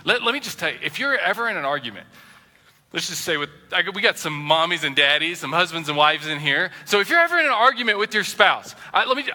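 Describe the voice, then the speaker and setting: Animated male pastor in a reverberant hall. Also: sits high, fast talker. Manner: animated, acts out quoted voices, swings loud and soft. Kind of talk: sermon. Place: church sanctuary.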